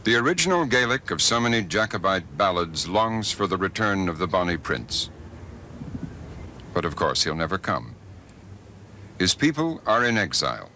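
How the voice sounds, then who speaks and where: Deep, lively documentary narrator. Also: male voice, a little hiss or hum. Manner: measured, expressive. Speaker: documentary host. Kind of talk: scripted narration.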